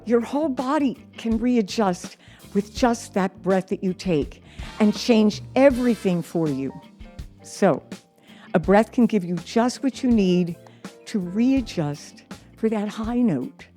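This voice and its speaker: A woman's voice: medium pitch, lively intonation, dark tone, soft background music. A middle-aged woman teaching singing, speaking encouragingly and reading from her notes. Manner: slow, encouraging, reads aloud and sings examples. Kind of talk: singing lesson with demonstrations.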